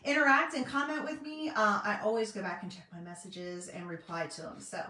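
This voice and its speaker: A woman's voice: medium pitch, fairly even intonation, fairly quick, sharp tone. A middle-aged woman with a Southern US accent, chatting casually on a live craft stream from her home craft room, full of fillers and folksy asides. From North Carolina. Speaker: craft vlogger and independent designer. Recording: echoey room, voice a bit distant.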